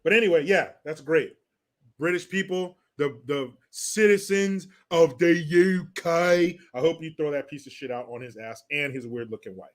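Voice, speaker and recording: A man rants on a livestream in blunt, profane, mocking talk, stopping now and then to read out viewer comments. His voice sits a little high and sounds bright and forceful. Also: fairly quick. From California. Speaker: livestream host reading chat. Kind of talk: casual political rant.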